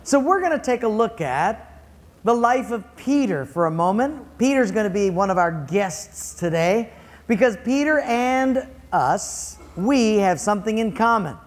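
A man's voice: high-pitched, lively intonation, unhurried, big-room sound. A man preaching a sermon to his congregation, conversational and playful as he leads them. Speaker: pastor.

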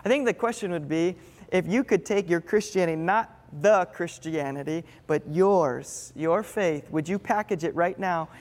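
A man with a high voice preaches a sermon to his congregation. He is earnest, with playful comic asides. His voice rings out through the long reverb of a large church hall. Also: moderate pace. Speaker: pastor.

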